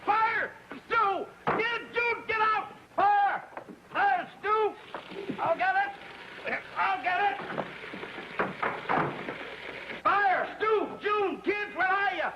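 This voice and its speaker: An actor playing a frantic middle-aged neighbor man in 1950s sitcom acting, panicked and shouting. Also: extremely high pitch, drawn-out words, pauses often, dull audio, exaggerated voice. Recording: hissy old TV soundtrack with clicks.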